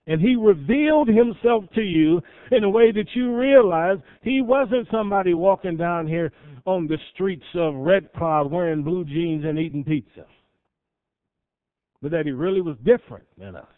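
A man's voice: fairly high pitch, no room sound. Man preaching a sermon, tinny phone-like sound. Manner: swells loud then drops soft, dramatic pauses. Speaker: pastor.

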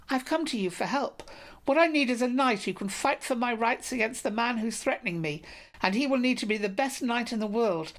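A desperate young maiden in a storybook reading, her voice pitched high and pressing, as a woman reader puts her on. She pleads with earnest urgency, a little louder than the narration. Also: lightly acted. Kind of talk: audiobook reading of a medieval romance.

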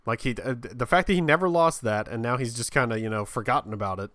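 A man co-hosting a casual chat, talking in a relaxed way and often repeating words as he starts a sentence. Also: medium pitch, quick pace, no room sound. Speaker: podcast co-host.

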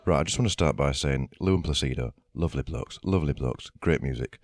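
A man's voice: rumbling low, quick pace, a little mellow, dry recording. A middle-aged man, ranting sweary and mock-outraged as a podcast host. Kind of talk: comic monologue rant.

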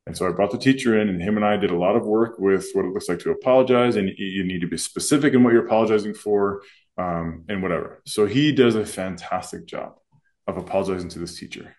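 Low-pitched and a little mellow, this man talks fast. As a podcast co-host and school administrator with kids, he speaks earnestly and thoughtfully from a school leader's perspective in an easygoing discussion.

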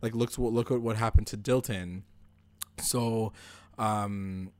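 A man's voice: lowish voice, takes it slowly, dry recording. Slangy young man, dry close sound. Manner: animated, slangy, acts out characters' lines. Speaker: podcast co-host recapping a TV episode. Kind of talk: casual chat.

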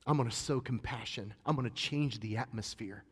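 A man's voice: medium pitch, a little fast, husky. A male pastor preaching a sermon in a conversational, emphatic way, mixing teaching with personal stories. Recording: long reverb of a large hall.

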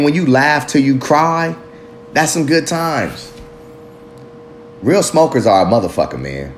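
A man's voice: on the low side, a little hiss or hum. A man hosting his own podcast, talking loosely and reflectively in street slang with lots of swearing and rambling asides. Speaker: podcast host. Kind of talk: casual solo podcast monologue.

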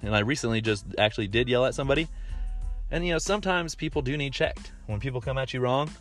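A man's voice: mid-range voice, quick pace, a bit bright, faint music behind. Rambling, blunt man talking casually. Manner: rambling, frequent fillers and restarts, blunt with swearing. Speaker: podcast host. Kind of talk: casual monologue.

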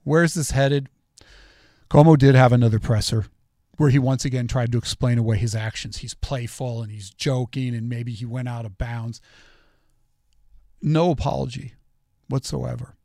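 A man's voice: mid-range voice, steady tone, moderate pace, warm tone, no echo, studio quality. A middle-aged man hosting a solo political commentary show, talking in an opinionated, conversational way and telling stories.

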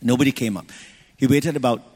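A middle-aged man with a husky, slightly breathy voice gives a sermon. He tells a personal story with lively, restarting phrasing. His words carry a long echo through a large church hall. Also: mid-range voice, brisk. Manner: animated, personal anecdotes with restarts. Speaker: pastor.

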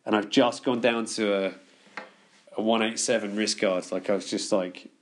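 A man's voice: lowish voice, steady tone, moderate pace. A man telling long stories in casual podcast chat, swearing freely and laughing as he goes. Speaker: podcast guest.

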